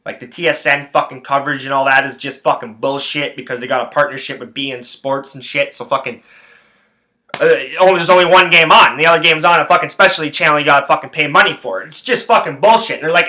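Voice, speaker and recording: A sports podcast host swears heavily through a furious rant, driving his points home by repeating phrases. He speaks fast in a slightly high voice with a bright, forceful tone.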